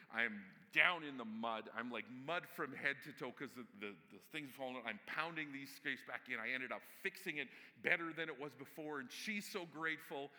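A man's voice: mid-range voice, pushed and bright, big-room sound. A male pastor preaching a sermon in a church, telling stories casually with humor and asides to the congregation.

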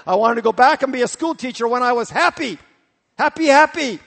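A man, a pastor, preaching a sermon with animated, repetitive storytelling. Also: extremely high pitch, fairly quick. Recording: long reverb of a hall.

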